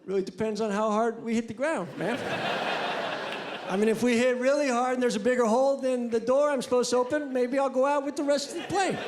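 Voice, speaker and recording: A male comic telling crude jokes in a deadpan, rambling way. His voice sits high for a man. A handheld stage mic picks him up in a live club with loud crowd noise. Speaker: stand-up comedian. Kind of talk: stand-up comedy set. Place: comedy club stage before a live audience.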